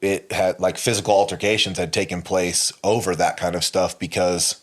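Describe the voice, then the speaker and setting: A man co-hosts a podcast in a low voice with a steady tone at a moderate pace. Candid and rambling, his personal story is full of fillers and restarts, and he curses often.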